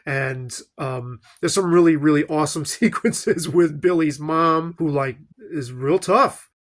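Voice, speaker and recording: A man's voice: a little high, unhurried. A middle-aged man talking casually through an old film review, rambling with many fillers and asides. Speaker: film commentator.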